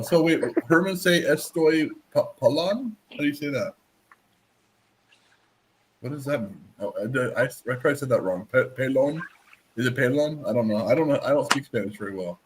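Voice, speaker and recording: A man's voice: medium pitch, moderate pace, pauses often, slight background noise. A man streamer in casual chat, talking in a playful, teasing, joking way.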